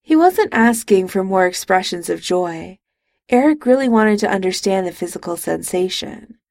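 A woman narrating a romance audiobook in calm, even storytelling, recorded on a close studio mic. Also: mid-range voice, moderate pace, gravelly, dry recording.

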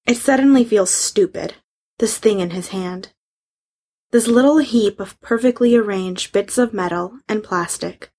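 A woman reading a fan fiction story aloud, in a hushed and emotional storytelling manner. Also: mid-range voice, measured pace. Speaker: reader.

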